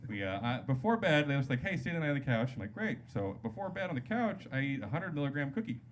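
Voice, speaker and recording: Stand-up comic, male, lively swinging pitch, loud crowd noise over a live club recording. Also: fast talker. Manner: loose, jokey delivery with sudden loud voiced-up quotes. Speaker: stand-up comedian. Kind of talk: stand-up set. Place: comedy club stage. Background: loud audience laughter.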